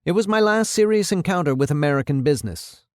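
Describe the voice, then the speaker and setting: A man's voice: fairly high pitch, lively intonation, quick pace, no echo, studio quality, pitched above the performer's own voice, close to an everyday voice. A man reading the part of a bitter, vengeful older man who recounts his killings in a grim, matter-of-fact way. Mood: grim, boastful. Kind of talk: dramatic reading of a radio play.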